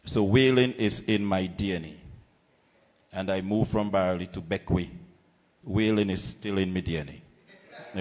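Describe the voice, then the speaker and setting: A man with a Vincentian accent giving a political rally speech, measured and deliberate with pauses and repetitions. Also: deep voice, lively intonation, long reverb tail. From Saint Vincent and the Grenadines. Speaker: political candidate. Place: outdoor political rally platform.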